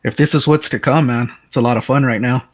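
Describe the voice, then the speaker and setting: A man's voice: medium pitch, fairly even intonation, fast talker. A man co-hosting a casual film discussion, laid-back and enthusiastic, often saying "man" and restarting sentences. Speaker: co-host.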